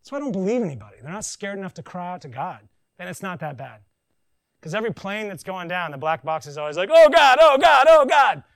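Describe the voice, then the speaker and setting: A man preaching a conversational sermon, joking and animated, with silly voices in his asides. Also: high voice, fast, no echo, low-quality recording. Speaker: pastor.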